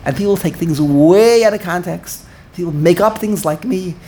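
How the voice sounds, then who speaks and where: An older man teaching an informal Torah class, animated, repeating words and searching for the right word. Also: sits high, normal speed, a little hiss or hum.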